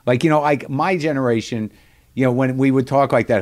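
A man hosting a casual interview, chatting and prompting his guest. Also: mid-range voice. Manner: conversational, quick with affirmations. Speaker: podcast host.

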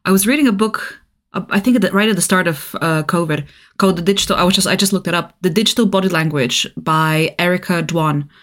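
A woman's voice: on the low side, fast talker. A woman co-hosting a podcast in casual chat, a non-native English speaker who laughs often and restarts her sentences. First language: not English. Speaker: podcast co-host. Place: northeast England.

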